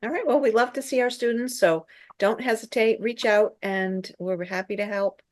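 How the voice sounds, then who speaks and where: A woman's voice: a little high, moderate pace, darkish tone, no room sound, studio quality. A woman library staff member on a video call, upbeat and encouraging.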